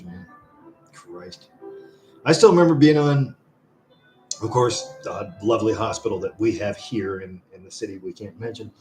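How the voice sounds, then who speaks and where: A man hosting a live stream, rambling through a story and swearing freely in casual chat. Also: lowish voice. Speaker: livestream host. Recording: roomy echo, faint music behind.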